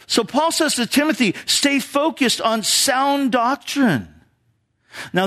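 A man's voice: high voice, fairly bright tone. A male pastor preaching a sermon in church, talking with the congregation through rhetorical questions.

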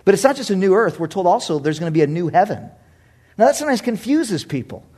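Man preaching, high voice, animated and humorous, loud bursts and quiet asides. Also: fast talker. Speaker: pastor. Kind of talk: sermon.

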